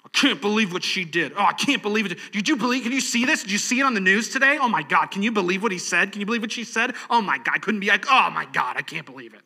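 Guy doing a breathless outraged news-watcher, high and sharp, echoey hall. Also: animated, fast talker, few pauses, full character voice. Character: outraged gossip ranting about the news.

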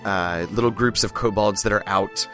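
A man with a hoarse voice from a cold, hosting and narrating a tabletop game as dungeon master, with many fillers and restarts. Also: on the low side, fairly even intonation, normal speed, a bit bright, soft background music.

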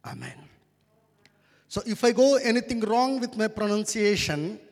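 A man's voice: high voice, moderate pace, in a large hall. A male pastor from India with an Indian accent, a native Telugu speaker, preaching a sermon in English with an apologetic, joking manner. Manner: apologetic, self-deprecating, joking aside.

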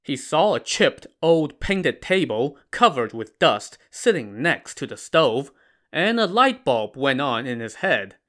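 A man narrating a retelling of a classic novel in a measured way, with wry asides. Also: medium pitch, very animated, a bit bright. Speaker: storyteller.

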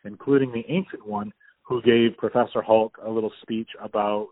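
A man's voice: lowish voice, steady tone, moderate pace, no echo. A man in casual talk about a movie, enthusiastic and rambling, with many fillers and restarts. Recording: tinny phone-like audio.

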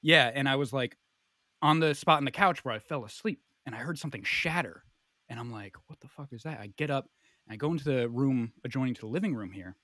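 A young man telling a comic story in a rambling, animated way, full of fillers. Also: medium pitch, brisk, no echo.

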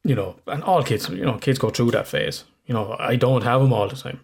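A man's voice: medium pitch, brisk, vocal fry, a little mellow, slightly rough. A man hosting a podcast, talking candidly and rambling, swearing freely in casual chat. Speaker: podcast host.

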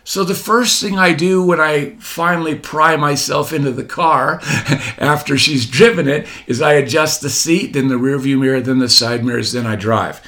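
Preachy motivational man, higher voice. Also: normal speed, bright, forceful tone. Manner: preachy, repeats key phrases, rhetorical questions. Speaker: motivational speaker. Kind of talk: motivational talk.

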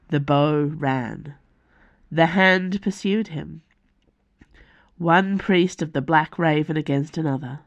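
A woman with a low-pitched voice reads her own fantasy novel aloud as a scripted audiobook narration. Her delivery is measured and deliberate.

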